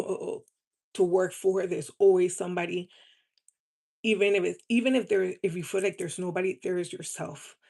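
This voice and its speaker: Female live streamer, low, even voice, heartfelt and earnest. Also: creaky. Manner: earnest, heartfelt, repeats words for emphasis. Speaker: live streamer selling cosmetics. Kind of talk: casual live-stream chat.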